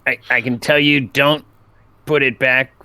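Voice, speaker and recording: A man plays his character in a tabletop game, his voice bright and forceful. It comes through crisp and smooth as he tosses out playful, joking asides. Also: medium pitch, steady tone, measured pace, no room sound. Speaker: player.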